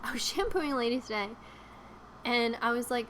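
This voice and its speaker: A woman's voice: on the high side, fairly even intonation, quick pace, fairly bright tone, slight background noise. A young woman chatting casually on a live stream, rambling with lots of fillers and giggles.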